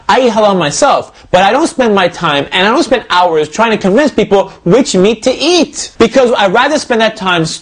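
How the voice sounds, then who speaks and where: A man's voice: high-pitched, slightly rough. A man hosting a comedy video, talking to the camera in a joking, preachy way. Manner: joking, then preachy and earnest. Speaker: host.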